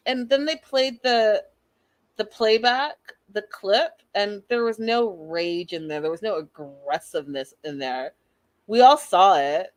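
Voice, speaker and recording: Young woman host, casual reality-show recap, outspoken and animated, medium pitch. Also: slow pace, no room sound. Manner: animated, opinionated, acts out quotes. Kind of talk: casual opinionated recap talk.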